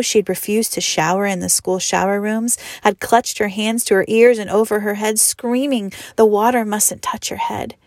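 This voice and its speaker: A woman reading a story aloud expressively, slowing down and sometimes dropping to a whisper. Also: medium pitch, dry recording, studio quality. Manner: expressive, slows and drops to a whisper for effect. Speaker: story reader.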